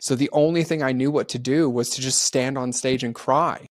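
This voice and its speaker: An earnest man guesting on a podcast tells candid stories and acts out the people in them. His voice sits at an ordinary middle pitch, and he peppers his talk with "like". The sound is dry and close, with no room echo. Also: steady tone, moderate pace. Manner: peppers speech with "like". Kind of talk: candid conversational storytelling.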